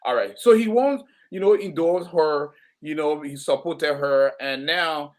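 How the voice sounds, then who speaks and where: Male community talk show host, stop-start delivery full of fillers. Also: fairly high pitch. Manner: halting, many fillers and restarts.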